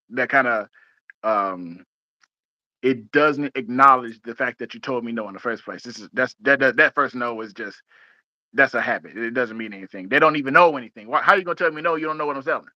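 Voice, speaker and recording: A man hosting a casual podcast chat, talking fast and excitedly, often repeating words as he restarts. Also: mid-range voice, no echo, highs cut off. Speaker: podcast host.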